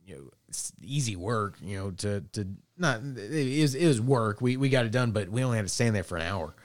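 A man's voice: on the low side, animated, a little fast, no echo, studio quality. A man hosting a podcast, telling a story in casual chat, rambling with lots of restarts and fillers. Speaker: podcast host.

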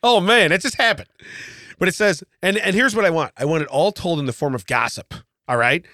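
A man co-hosting a casual podcast chat, telling a story in an animated way with frequent laughs, recorded in a podcast studio. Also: on the high side, a little fast, no echo. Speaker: podcast co-host.

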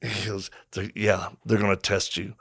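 Here the same kind of storyteller, a middle-aged ex-Marine, speaks at a moderate pace in a fairly low, creaky, husky voice. The studio-quality recording is dry, and he brings his casual anecdotes to life by performing quotes and sound effects.

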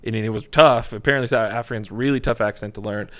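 A man's voice: fairly low pitch, fast talker. A man who works as a film and music video director, talking casually on a podcast and acting out the calls on a film set. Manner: animated storyteller, acts out set calls and quotes.

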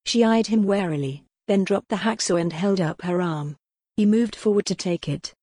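A woman narrating a gothic novel in an even, steady storytelling voice. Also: medium pitch, moderate pace, slightly rough, no room sound, studio quality. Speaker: audiobook narrator.

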